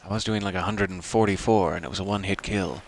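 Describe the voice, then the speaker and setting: Low-pitched man, dry wit, casual game-stream commentary, faint hiss behind. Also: quick pace. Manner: wry, chatty, mock-formal wording. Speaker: streamer playing a video game.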